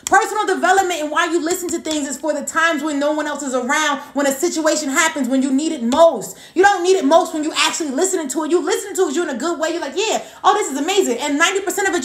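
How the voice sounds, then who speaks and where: Woman in her thirties, strikingly high voice, emphatic repetitive coaching talk, roomy echo. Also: rapid-fire, few pauses. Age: 30s. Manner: emphatic and repetitive, greets viewers by name. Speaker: team coach. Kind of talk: motivational live-stream talk.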